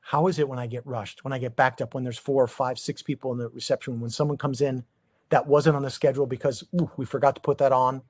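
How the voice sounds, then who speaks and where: A middle-aged man, a chiropractor, giving an informal seminar talk to colleagues, conversational and animated, firing off rhetorical questions at his listeners. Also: medium pitch, fast, no room sound. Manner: animated, asks the audience many rhetorical questions; loose, conversational, with frequent restarts. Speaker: chiropractor presenting a practice seminar.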